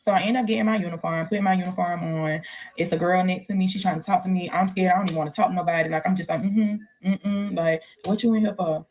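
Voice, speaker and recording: A woman's voice: fairly low pitch, steady tone, fast talker, a little mellow. A woman telling a casual story in a candid, profane way, acting out the voices she quotes.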